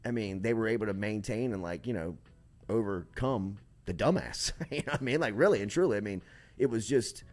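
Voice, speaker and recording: A man hosting a casual sports talk show, telling animated, rambling stories full of restarts. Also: fairly low pitch, a little fast, soft background music.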